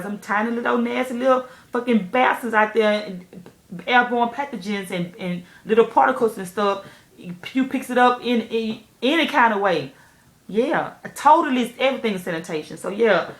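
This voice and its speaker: A woman telling a story candidly to camera, animated and profane, speaking straight to her viewers. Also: fairly high pitch, reverberant. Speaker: nail technician vlogger.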